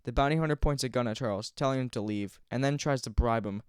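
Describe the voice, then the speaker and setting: A man's voice: medium pitch, fast, background noise. A man casually recapping game missions at home, mumbling and joking crudely. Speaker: gaming commentator. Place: home room, recorded late at night.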